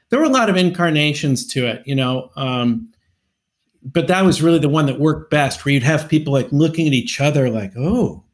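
A middle-aged man co-hosting a comedy podcast, rambling through anecdotes and breaking into shrill acted quotes. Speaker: podcast co-host. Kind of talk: casual comedic storytelling.

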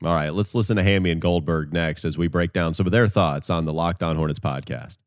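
A man hosting a sports podcast in a relaxed, easygoing way. His voice is very low, and the sound is close and dry with no room around it. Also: a little fast, no echo. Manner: relaxed, steering the talk. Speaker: podcast host. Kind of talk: casual sports podcast chat.

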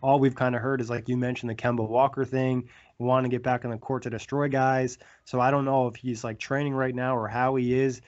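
A man hosting a sports podcast, talking in a relaxed way with lots of "like" fillers. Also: medium pitch, fairly quick, hardly any pauses, dull audio. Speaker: podcast host. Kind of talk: casual sports podcast chat and read ads.

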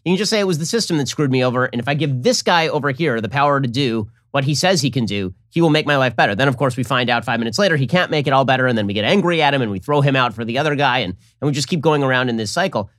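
Rapid-fire articulate male host. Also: mid-range voice, expressive, a bit bright, no room sound, clean studio sound. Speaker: podcast host. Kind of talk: interview.

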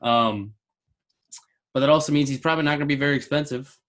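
A man's voice: medium pitch, quick pace, a bit bright. A man co-hosting a casual sports talk show, laid-back and chatty. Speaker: co-host.

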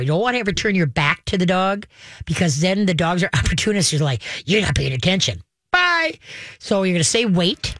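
Call-in radio host and dog trainer, mid-pitched, chatty, methodical, dry booth sound. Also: fairly bright tone, dry recording. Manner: chatty, step-by-step instructions, acts out dog and owner voices.

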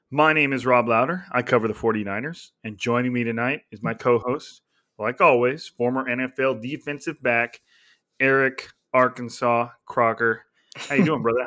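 A man's voice: mid-range voice, bright, forceful tone. Chatty male podcast host. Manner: chatty, laughing, heavy on filler words. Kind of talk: casual sports podcast chat.

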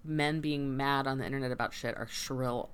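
Very low-voiced woman, frank and casual. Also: fairly even intonation, moderate pace, smooth. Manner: casual, frank, swears freely. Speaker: podcast co-host. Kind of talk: casual chat.

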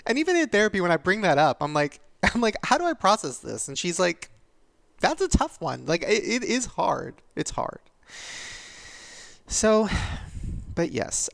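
A man in his thirties talks openly on his podcast, tearful at moments and laughing through the hard parts. His pitch swings widely with a gravelly fry, and the recording is dry and close. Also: sing-song, moderate pace, a bit bright, dry recording. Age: 30s. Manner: candid and vulnerable, laughing through tears. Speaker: podcast host. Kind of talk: confessional podcast monologue.

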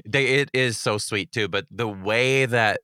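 Blunt, sarcastic man in casual chat, low smooth voice, dry close mic. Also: normal speed, pushed and bright, no echo. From Detroit.

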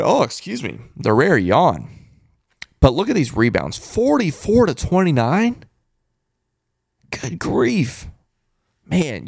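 A man's voice: mid-range voice, creaky, no room sound, studio quality. A man hosting a casual live-stream postgame recap, chatty and thinking aloud as he reads through stats and repeats his reactions. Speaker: host of a fan postgame show.

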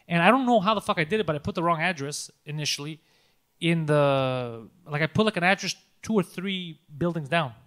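A man's voice: on the high side, brisk. A man co-hosting a podcast, telling stories in casual, profane chat and acting out the people he quotes. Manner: animated, profane, acts out quotes loudly. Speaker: podcast co-host, comedian.

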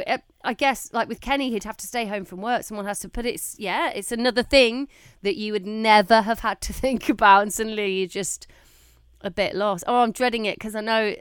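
Woman in her 30s chatting on a podcast, clear smooth voice, dry sound. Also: no room sound. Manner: animated storytelling, acting out quotes with big pitch jumps. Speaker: podcast co-host. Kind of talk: casual chat.

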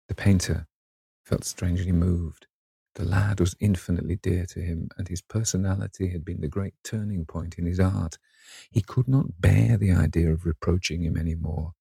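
A man reading a classic novel aloud as audiobook narrator, in a measured, even manner. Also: low-pitched, creaky, slightly rough, dry recording, clean studio sound. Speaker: audiobook reader.

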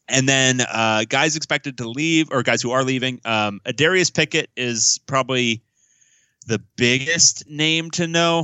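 A man's voice: mid-range voice, bright, forceful tone, clear, resonant tone, dry recording. A man co-hosting a casual sports podcast, reading out listener questions and answering with plenty of fillers. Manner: reads listener mail aloud, then answers at length with fillers. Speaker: podcast co-host.

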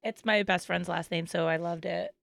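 A young woman co-hosting a podcast, telling a story with excitement and quoting others. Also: lowish voice, moderate pace, gravelly, no room sound. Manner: excited storytelling, quotes people animatedly. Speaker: podcast co-host. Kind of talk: casual chat.

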